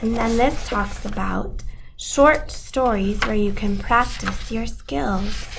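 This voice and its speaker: Woman with a fairly high voice reads to kids, very slow and patient, noisy recording. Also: gravelly. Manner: reads word lists one at a time, deliberate and patient. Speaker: read-aloud reader for children. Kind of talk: slow, gentle read-aloud to kids.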